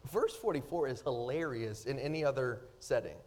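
A man preaching a sermon, swinging between loud, rising emphasis and hushed, slow passages. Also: medium pitch. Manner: dynamic preaching, rising loud then dropping soft. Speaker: pastor.

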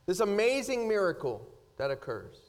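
A man preaching a sermon, swinging between loud, rising emphasis and hushed, slow passages. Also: sits high, huge pitch swings. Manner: dynamic preaching, rising loud then dropping soft. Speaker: pastor.

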